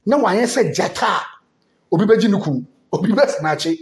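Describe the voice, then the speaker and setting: A Ghanaian man hosting a gossip show, teasing and animated as he tells the story. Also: high voice, moderate pace, roomy sound. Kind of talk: casual gossip commentary.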